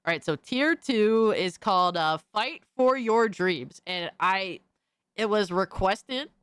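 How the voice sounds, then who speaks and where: A woman livestreamer in casual, profane chat, excitably reacting to videos and thanking viewers by name. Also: mid-range voice, slow, clear, resonant tone, no echo.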